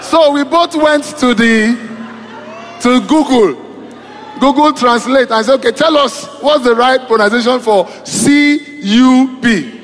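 A man preaching a sermon to a congregation, rising to loud calls and dropping to quiet, drawn-out phrases. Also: very high voice, some chatter behind, a little hiss or hum. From East Africa. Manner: call-and-response preaching, shifting between loud and quiet. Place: church hall. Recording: echoey church hall with music behind.

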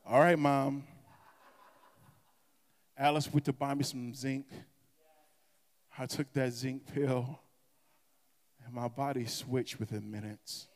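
A man's voice: mid-range voice, steady tone, slow pace, pauses often, a little mellow. A male pastor preaching a sermon in an impassioned, emphatic way. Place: church sanctuary. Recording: echoey church hall.

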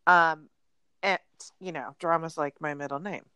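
A woman's voice: low-pitched, normal speed, clean tone, dry recording. A woman in her thirties co-hosting a casual chat podcast, telling anecdotes animatedly with many ums and uhs. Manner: animated storyteller, fillers like um and uh. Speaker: podcast co-host.

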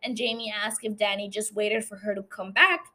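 Bright-voiced woman recapping with giggles. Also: medium pitch, steady tone, normal speed, a little hiss or hum. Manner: chatty, giggly, filler-heavy storytelling. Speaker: podcast host recapping a series. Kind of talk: casual episode recap.

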